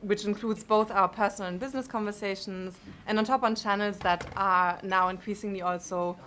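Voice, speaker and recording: A woman with a German accent speaking at a conference, measured and full of ums and uhs. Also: medium pitch, fairly even intonation, fairly bright tone, a little hiss or hum. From Europe. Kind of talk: conference talk.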